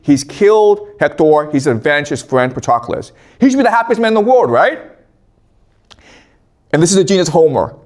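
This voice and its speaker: A man giving a casual storytelling history lecture, animated, often checking in with "okay?". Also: a little high, normal speed.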